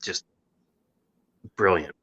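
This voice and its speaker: A man co-hosting a casual radio chat, enthusiastic about records and quick to laugh. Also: sharp tone. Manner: enthusiastic, chuckling, short interjections.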